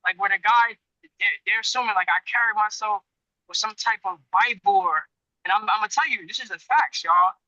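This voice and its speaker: A man tells a story to a group in loose, rambling fashion, backing up and restarting and stopping to ask his listeners questions. His voice is very bright and sharp. The sound is dry and a bit dull and lo-fi. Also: high-pitched, a little fast, no room sound. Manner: rambling, frequent restarts, addresses listeners directly. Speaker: Muay Thai gym trainer.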